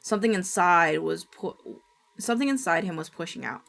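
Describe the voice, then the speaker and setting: A woman's voice: on the low side, expressive, moderate pace, vocal fry, fairly bright tone. Woman narrating a horror story. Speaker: streamer.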